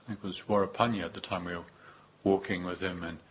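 A man giving a Buddhist dharma talk, unhurried and reflective, with pauses and repeated phrases. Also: low voice, steady tone, slightly rough. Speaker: Buddhist teacher.

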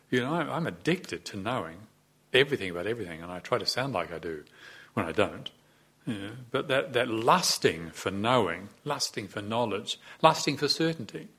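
A man's voice: fairly low pitch, fairly bright tone, husky. A man in his sixties, a Buddhist abbot, giving a conversational dharma talk in a reflective, self-deprecating way, with frequent hesitations. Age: 60s.

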